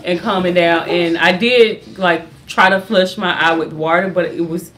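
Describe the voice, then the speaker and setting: A young woman in casual storytime chat, animated and laughing often as she tells a story, speaking in fast bursts. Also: fairly low pitch. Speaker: vlogger, mother.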